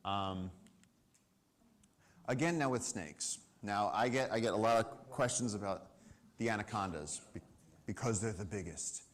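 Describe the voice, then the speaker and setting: A man with a fairly low voice tells field stories to a live audience from a summit stage. He talks in an animated way and acts out the people he quotes. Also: measured pace, pauses often. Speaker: conservation speaker. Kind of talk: storytelling talk to a live audience.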